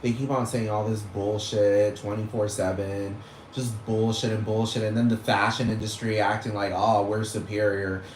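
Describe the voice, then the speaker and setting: Swearing without letup, a man delivers a rambling, profane rant full of scoffing exasperation. His pitch is fairly low, his delivery flat, and his speed normal. Faint noise and echo fill the room.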